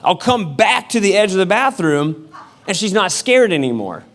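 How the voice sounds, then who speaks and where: A male pastor delivers a relaxed sermon, telling funny personal stories. His voice sits a little high for a man. He speaks to the congregation like friends, mixing jokes with his point. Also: normal speed. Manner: casual, humorous storytelling with acted-out quotes.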